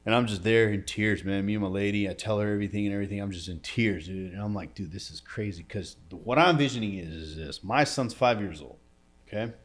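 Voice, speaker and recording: Low-pitched male entrepreneur guest, casual slangy storyteller, gets quiet and emotional. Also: fast talker. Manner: casual slangy talk, says bro and dude. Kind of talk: storytelling in a podcast interview.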